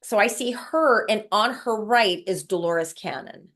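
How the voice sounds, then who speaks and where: A woman guest tells an emotional spiritual story in casual conversation, repeating words in a breathless, emotional recounting. Her voice is medium-pitched and fairly bright, and she speaks unhurriedly.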